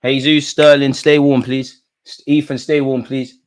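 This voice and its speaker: Young lad doing a live footy watchalong, heckles the ref, goes from mumbling to yelling. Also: male voice, level tone, unhurried. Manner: shouts at players and ref, swings from mutters to high yells. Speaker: football watchalong streamer. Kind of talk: live match reaction commentary.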